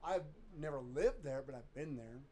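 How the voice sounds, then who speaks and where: A man's voice: on the high side, sing-song, normal speed, mellow, slight background noise. A man co-hosting a casual chat show, making dry joking asides. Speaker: podcast co-host.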